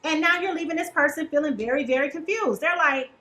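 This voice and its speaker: A woman's voice: high-pitched, fast, hardly any pauses, sharp tone, rough recording. A woman giving a casual tarot reading, chatty and colloquial, who keeps checking in with "okay?". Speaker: tarot reader.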